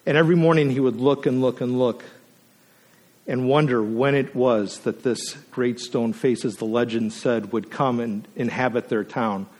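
A man preaching a sermon as a guest speaker, earnest and emotional, at times choked up, his voice rising to emphatic peaks and sinking to a near hush. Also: medium pitch, steady tone, normal speed. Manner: earnest, emotional, swells up then drops to a hush.

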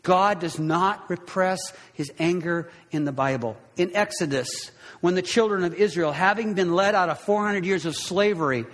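A man pastor delivering an impassioned sermon. His voice sits high and swings from loud bursts down to hushed lows. It rings out with a long hall reverb. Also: normal speed, few pauses.

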